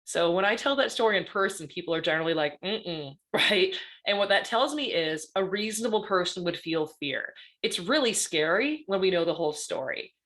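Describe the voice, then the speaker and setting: A woman gives a presentation as a guest speaker. She talks in a lively, conversational way and keeps checking in with her listeners by asking "right?" after her points. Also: fairly low pitch, brisk, few pauses. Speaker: guest panelist on stalking. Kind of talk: presentation talk.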